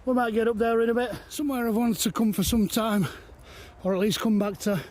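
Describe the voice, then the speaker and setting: Chatty high-voiced man outdoors. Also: fairly even intonation, fairly quick, darkish tone. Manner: chatty, rambling, easily amazed; walking uphill, at times a bit out of breath. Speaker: walking vlogger. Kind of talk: casual walk-and-talk narration. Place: outdoors on hilly woodland paths.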